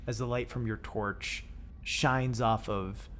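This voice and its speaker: A man narrating as game master of a tabletop role-playing game, describing scenes in a relaxed way. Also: medium pitch, slow pace. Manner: relaxed, laughs often while describing scenes.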